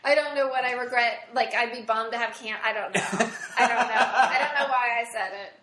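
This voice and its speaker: Bright, animated woman telling stories. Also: on the high side, a little fast, reverberant. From Southern Illinois. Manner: animated storyteller, acts out quotes. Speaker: guest. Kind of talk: casual interview chat.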